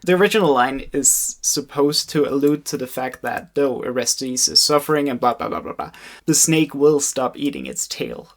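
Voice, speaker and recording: A man's voice: medium pitch, normal speed. A young man in his twenties narrating a casual educational video essay with joking, wry asides.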